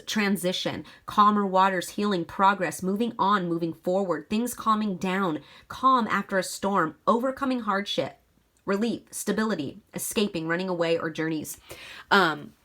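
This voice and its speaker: A woman's voice: mid-range voice, normal speed, fairly bright tone. A woman giving a casual tarot reading, talking straight to her viewers in a chatty, reassuring way. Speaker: tarot reader.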